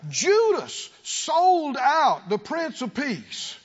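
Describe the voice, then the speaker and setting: A man preaches to a congregation in a very high voice whose pitch swoops wildly, speaking extremely slowly. He calls for responses and builds to emphatic peaks, captured in a lo-fi church recording with long reverb.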